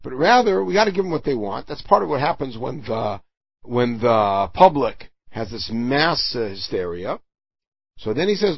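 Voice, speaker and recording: A man teaches Torah verse by verse, his voice gravelly and a little husky, with a lively rise and fall. He reads a Hebrew line, then explains it in English, often stopping to hunt for the right word. The recording is dry and somewhat dull. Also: medium pitch, normal speed, no room sound.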